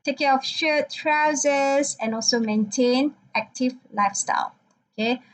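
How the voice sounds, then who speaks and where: A woman's voice: sits high, unhurried, rough recording. A woman lecturer talking through her slides and checking in with "okay" again and again. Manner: frequent "okay" check-ins, non-native phrasing.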